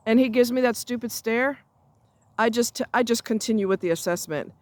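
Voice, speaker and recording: A woman's voice: fairly high pitch, fairly quick, no room sound, voice pushed up, lightly acted. Woman doing a helpful female classmate, matter-of-fact and slightly raised. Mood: advising. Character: helpful female classmate giving calm advice.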